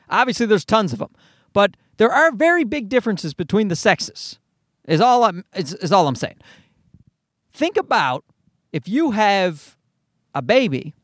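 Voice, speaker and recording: A man's voice: high voice, fairly bright tone, no echo, studio quality. A man in his thirties hosting a podcast, delivering a rambling comedic monologue full of swearing and asides. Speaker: podcast host.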